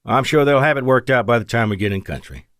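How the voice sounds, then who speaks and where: A man's voice: medium pitch, lively intonation, fast talker, fairly bright tone, no room sound, clean studio sound. A man voicing an experienced male fighter pilot with a Texan accent, who talks in a wry, teasing, reassuring way.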